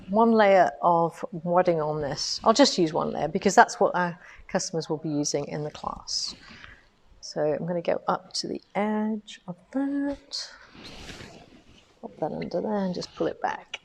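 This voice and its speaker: Lowish-voiced woman demoing quilting. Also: normal speed, gravelly, a little hiss or hum. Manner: chatty, practical step-by-step explaining. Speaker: quilting instructor. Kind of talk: live product demonstration.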